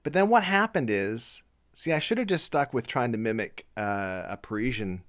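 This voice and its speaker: A man's voice: medium pitch, lively intonation, moderate pace, fairly bright tone. A playful, jokey man from Canada hosts a casual live-streamed chat. He reads viewers' comments aloud and keeps things loose and teasing. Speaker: show host.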